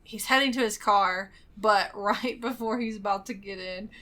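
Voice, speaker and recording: Podcast co-host, woman, bright tone, rambling casual recap with fillers. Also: mid-range voice, moderate pace. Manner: rambling retelling with frequent fillers and laughs. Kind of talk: casual movie recap chat.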